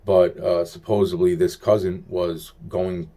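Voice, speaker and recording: Rambling, profane man with a low voice. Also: little pitch movement, measured pace, warm tone. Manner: heavily profane, rambling, restarts sentences. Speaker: vlogger recounting personal events. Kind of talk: rambling first-person monologue.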